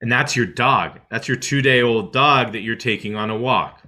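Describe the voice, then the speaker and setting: A man teaching a meditation lesson through an extended metaphor, animated and acting out inner thoughts, often checking in with "right?". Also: moderate pace. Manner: animated, acts out inner voices with rising pitch.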